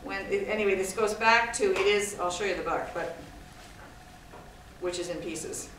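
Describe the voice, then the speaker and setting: A woman from Scotland gives a chatty, digressive talk to a live audience, poking fun at herself along the way. Her voice sits at an ordinary pitch and is picked up from a distance. It rings out in a very echoey room with a faint hiss underneath. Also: normal speed. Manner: chatty, digressive, self-deprecating. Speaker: guest speaker. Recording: echoey hall from far off, faint noise.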